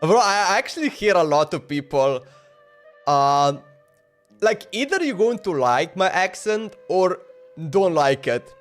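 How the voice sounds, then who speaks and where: A talkative male streamer on a live stream, chatting loosely with his viewers in broken English. His voice is high for a man, and he laughs often. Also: very animated, a little slow, faint music behind. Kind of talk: casual live-stream chat.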